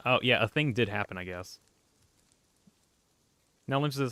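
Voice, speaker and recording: A man's voice: on the low side, unhurried, long pauses, fairly bright tone, clean tone, no echo. A man streaming a video game, chatting casually and rambling as he reacts to his chat. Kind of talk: casual gameplay commentary.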